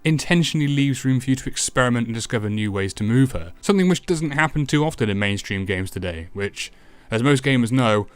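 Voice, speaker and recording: A man's voice: medium pitch, animated, brisk, smooth, no echo. A man narrating a retro game review in a sarcastic, profane way, swearing often.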